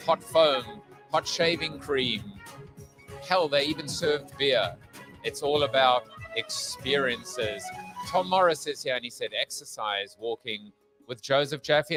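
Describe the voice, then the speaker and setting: A man's voice: medium pitch, fairly bright tone, no room sound, low-quality recording. A man hosting a casual livestream, talking in a jokey, rambling, self-mocking way. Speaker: host.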